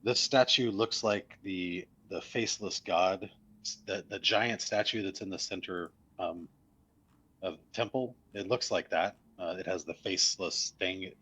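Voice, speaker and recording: A man running a tabletop role-playing game as game master, explaining rules and describing scenes in a relaxed way. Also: sits low, measured pace, husky. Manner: relaxed, explains rules and voices characters offhand. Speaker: dungeon master.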